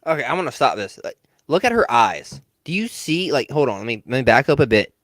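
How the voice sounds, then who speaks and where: A man's voice: medium pitch, big pitch swings, fairly quick, fairly bright tone, no echo. A man giving reaction commentary in a blunt, casual way, stumbling over restarts. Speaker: commentary host.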